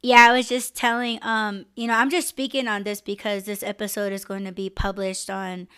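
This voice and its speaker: A woman's voice: medium pitch, normal speed, smooth. A young woman hosting a live podcast, venting bluntly and with lots of swearing. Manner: blunt, profane, animated venting. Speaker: podcast host. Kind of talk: casual live podcast rant.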